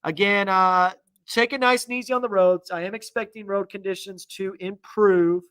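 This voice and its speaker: A man's voice: high voice, steady tone, moderate pace, fairly bright tone, clean tone, no room sound. A man presenting a casual weather live stream, chatty and upbeat as he reads out viewer comments, sounding a little congested. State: slightly congested. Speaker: TV meteorologist.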